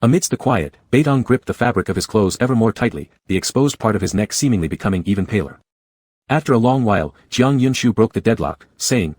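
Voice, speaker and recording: A man narrating a story in a steady, scripted reading. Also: on the low side, a little fast, no echo, clean studio sound.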